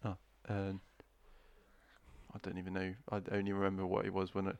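Podcast co-host, man, very low pitch, playful, dry close-miked sound. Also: monotone, fairly quick, creaky, no echo. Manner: jokey, trying out silly accents. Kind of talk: casual chat.

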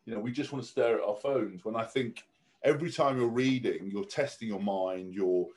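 Man, podcast guest, slightly low voice, blunt, curses a lot, casual talk, frequent restarts. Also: moderate pace, a little mellow, husky. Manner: blunt, swears freely, restless restarts.

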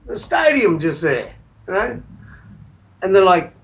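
Australian male musician guest, high-ish voice, muffled sound, swears a lot. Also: moderate pace. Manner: animated anecdote teller, swears freely. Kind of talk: casual podcast chat.

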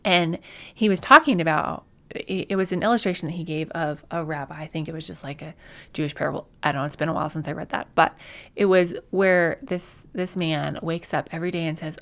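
A woman's voice: low-pitched, steady tone, brisk, pushed and bright. A woman hosting a faith podcast, talking in a chatty, encouraging way with many fillers and restarts. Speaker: podcast host. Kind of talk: faith-based podcast talk.

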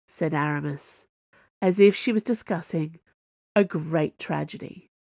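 A woman narrating an audiobook in an even storytelling manner. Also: fairly low pitch, normal speed, gravelly, no echo. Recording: dull lo-fi dry recording.

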